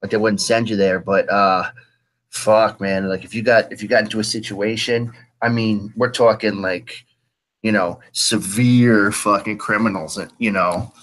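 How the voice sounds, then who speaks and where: A man's voice: fairly low pitch, steady tone, unhurried, fairly bright tone. A man chatting casually in a laid-back, profane way. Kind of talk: casual chat.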